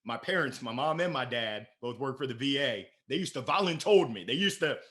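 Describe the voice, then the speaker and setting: A man from Maryland, a podcast guest, telling stories in a playful, energetic, animated way. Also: medium pitch, a little fast. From Maryland, USA. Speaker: podcast guest, sales director. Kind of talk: casual interview storytelling.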